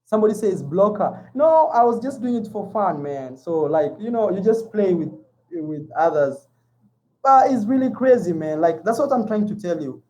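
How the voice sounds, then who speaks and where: A travel vlogger from Kenya talks casually to his viewers in a Kenyan accent, his voice high-pitched, animated, and dark, at a moderate pace. He's chatty, repeats words, and calls everyone "man," captured on a rough recording.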